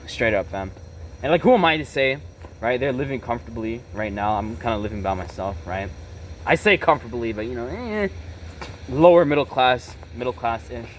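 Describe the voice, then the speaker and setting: A man's voice: mid-range voice, animated, normal speed, a little hiss or hum. A young man telling a personal story in a blunt, casual, profane way, peppering his talk with "bro" and "right?". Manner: blunt and emotionally charged. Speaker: vlogger. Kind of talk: confessional storytelling.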